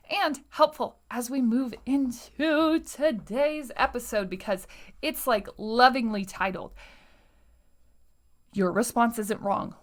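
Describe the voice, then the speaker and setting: A woman's voice: a little high, fairly bright tone. A woman hosting a solo podcast in a casual, chatty way, often tagging her points with "right?" and sometimes dropping to a near-whisper. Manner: chatty, tags lines with "right?" and "like". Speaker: podcast host.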